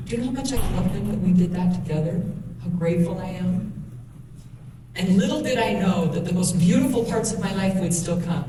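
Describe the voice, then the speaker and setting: A middle-aged woman giving an earnest, emotional talk about her life to young people at a school. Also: on the low side. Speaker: guest speaker. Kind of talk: motivational talk to youth. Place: school hall. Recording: echoey hall from far off, noisy.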